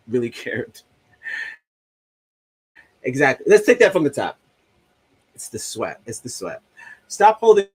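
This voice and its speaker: A man with a husky, mid-range voice runs a livestream, joking around and reading audience comments out loud. He keeps it loose and grumbles to himself about a soundboard that isn't working.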